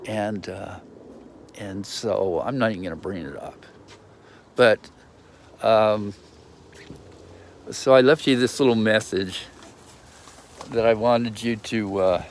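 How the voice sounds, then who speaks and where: Out in a yard with a handheld phone, a man vlogs a casual video message in a fairly low voice over a little hiss or hum. He drifts from thought to thought, cutting himself off and restarting with frequent ums.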